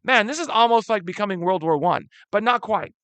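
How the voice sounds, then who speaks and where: A man teaching a history lesson in a casual, animated way, using slang and often calling his students "guys.". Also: high-pitched, a little fast, no echo. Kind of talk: casual classroom lecture.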